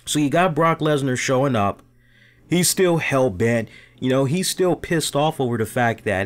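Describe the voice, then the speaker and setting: A man's voice: mid-range voice, normal speed. Rambling man hosting a wrestling podcast. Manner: rambling, animated, acts out fan reactions in funny voices; frequent fillers like "right?" and "you know". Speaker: podcast host. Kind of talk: casual live-stream commentary.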